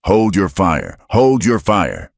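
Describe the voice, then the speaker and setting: A man's voice: low-pitched, huge pitch swings, takes it slowly, vocal fry, dry recording, clean studio sound, voice pushed up, full character voice. A man voicing a stern, hard-edged frontier marshal. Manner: stern, clipped commands.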